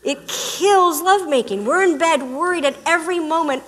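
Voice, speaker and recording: Animated woman speaking in a reverberant hall. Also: extremely high pitch, moderate pace. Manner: animated and emphatic, acting out quotes. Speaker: relationship speaker. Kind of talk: humorous talk to a live audience.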